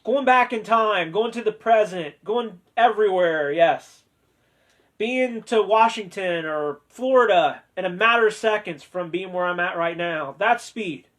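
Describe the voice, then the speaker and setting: A man with a high-pitched voice hosts a laid-back discussion. He talks in a chatty, joking way, with playful sarcasm. He turns sincere and sentimental when speaking of family. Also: unhurried, fairly bright tone. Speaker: host of a discussion video. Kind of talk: casual chat.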